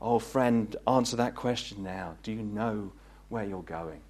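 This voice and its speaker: A man preaching a gospel sermon, earnest and pleading, rising to fervent peaks and then dropping low. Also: measured pace, darkish tone. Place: meeting hall.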